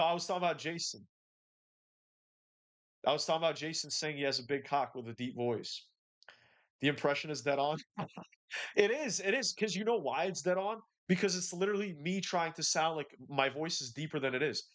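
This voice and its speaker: A man hosts a casual gaming livestream in a laid-back, slangy way, reading chat messages and answering them one by one. His voice sits slightly higher than most men's. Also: normal speed, long pauses, a bit bright. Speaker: livestream host.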